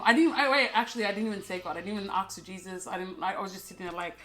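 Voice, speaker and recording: A young woman speaks at a medium pitch, soft and hesitant, stopping and restarting as she tells a candid personal story. Her delivery is halting and full of fillers. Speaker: co-host.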